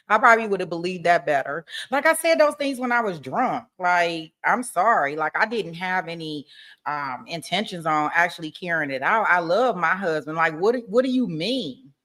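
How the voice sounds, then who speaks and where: A woman's voice: lowish voice, lively intonation, normal speed, fairly bright tone. Pleading defendant, as a woman puts her on. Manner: pleading, rambling excuses. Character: defensive woman on trial making excuses.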